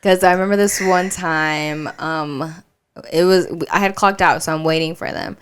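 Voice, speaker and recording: A woman's voice: deep voice, moderate pace, a little hiss or hum. A young woman co-hosting a podcast, telling stories in casual chat with frequent laughter. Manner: animated storytelling with frequent laughs. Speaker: podcast co-host.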